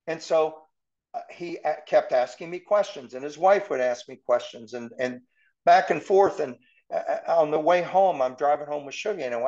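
A man's voice: fairly high pitch, moderate pace, a little mellow, highs cut off. A man giving verse-by-verse Bible teaching in a conversational way, asking his class rhetorical questions.

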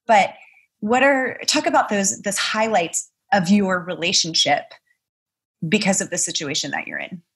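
Woman podcast host, animated, chatty, relatable. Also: mid-range voice, moderate pace. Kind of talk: casual podcast interview.

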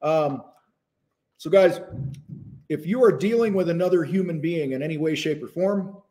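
A man's voice: on the high side, normal speed, warm tone. A man hosting a live stream about selling, talking casually and loosely with many fillers and restarts, and eating as he talks at times. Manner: talks with his mouth full at times. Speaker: host of a live business show. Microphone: phone.

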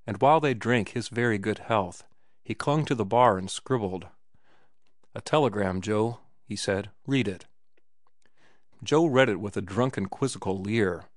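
Guy reading an audiobook, lowish voice, steady phrasing, dry close sound. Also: no echo. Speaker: audiobook narrator. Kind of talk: scripted narration.

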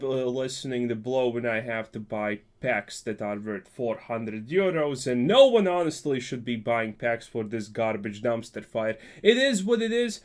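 A young man giving joking, sarcastic gameplay commentary for his channel. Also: mid-range voice. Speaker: gaming YouTuber.

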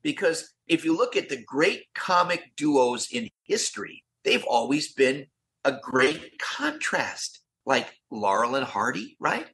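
Bright, eager older man telling stories. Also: medium pitch, very animated. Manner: enthusiastic, quick-talking raconteur. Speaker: guest. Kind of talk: animated storytelling in an interview.

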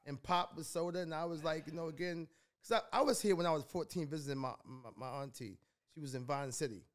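A man in his fifties from New York talks as a podcast guest with a somewhat high voice. He rambles and circles back on his words in an easygoing way. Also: quick pace. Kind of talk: casual storytelling interview.

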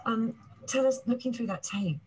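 A woman, presenting and gently asking questions in an interview. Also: on the high side, moderate pace, a little hiss or hum, low-quality recording. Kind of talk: studio interview.

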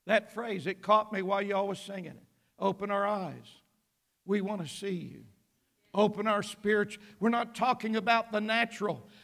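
A man preaching a fervent sermon as pastor in a church, building up to shouts. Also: sits high, normal speed, creaky. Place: church sanctuary.

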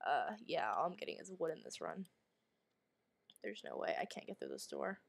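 A woman's voice: on the low side, big pitch swings, normal speed, vocal fry, husky. A woman giving let's play commentary while sick and coughing, jumpy and anxious, swearing often and dropping to whispers in tense moments. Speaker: gamer streamer.

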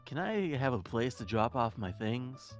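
A man playing a monotone sleepy night guard. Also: mid-range voice, measured pace, soft background music. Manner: flat, monotone, polite. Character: tired, monotone new male night guard. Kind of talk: Minecraft roleplay acting.

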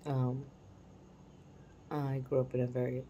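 A woman in her forties telling a personal parenting story in a candid, reflective way, sometimes dropping to a soft hush. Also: extremely low pitch, flat delivery, measured pace, lo-fi sound, slight background noise. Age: 40s. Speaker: parenting vlogger.

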